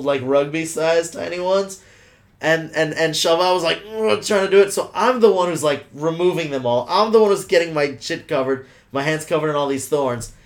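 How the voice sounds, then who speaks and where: A man hosting a podcast, telling a family story in an animated, profane way and acting out the people in it. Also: a little high. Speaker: podcast host. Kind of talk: casual storytelling chat.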